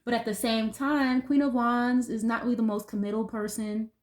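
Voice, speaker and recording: A woman's voice: on the high side, fairly even intonation, normal speed. A woman reading tarot cards for her viewers in a loose, chatty way, leaning on "like" and swearing now and then. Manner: chatty and loose, heavy use of "like", occasional swearing. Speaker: tarot reader.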